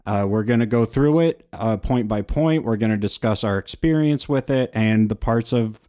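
A man with a lowish voice co-hosts a relaxed podcast. He tells candid, self-deprecating stories at an easy pace and often stops on "uh" and "um". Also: normal speed. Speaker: podcast co-host. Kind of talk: casual conversational podcast.

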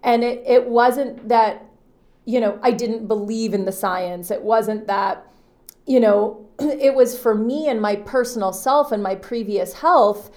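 A woman in her thirties hosting a podcast, talking earnestly and from the heart about a personal experience, often pausing on "you know" and restarting her sentences. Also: fairly high pitch, darkish tone. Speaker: podcast host. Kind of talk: personal reflective monologue.

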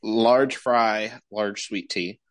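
A man co-hosting a casual chat over a video call, agreeable and chatty, quick to affirm. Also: on the low side, fairly even intonation, dry recording. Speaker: co-host.

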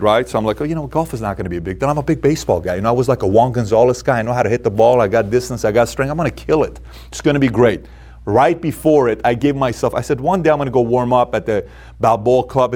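Male motivational speaker, mid pitch, lively storyteller who acts out dialogue. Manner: animated storyteller, acts out quotes with big pitch swings. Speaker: business speaker telling personal stories.

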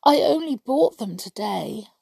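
A timid little male gnome from a storybook, pleading and anxious, as a woman reading aloud puts him on. The voice sits a bit higher, with a gravelly, husky edge. He talks slowly. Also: animated, warm tone, no echo, clean studio sound, full character voice. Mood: tearful.

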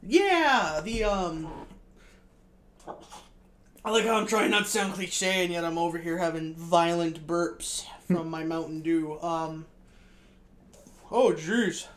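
A man with a high, girlish-sounding voice co-hosting a casual podcast, rambling, self-deprecating and swearing freely. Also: slow pace, pauses often, a bit bright, a little hiss or hum. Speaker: podcast co-host.

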